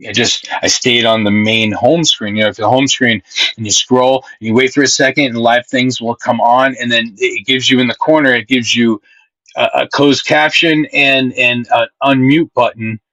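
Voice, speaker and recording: Excitable, rambling streamer man with bright tone. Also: medium pitch, moderate pace, no echo, low-quality recording. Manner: rambling and excitable, swears freely, reads chat aloud. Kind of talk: casual live-stream chat.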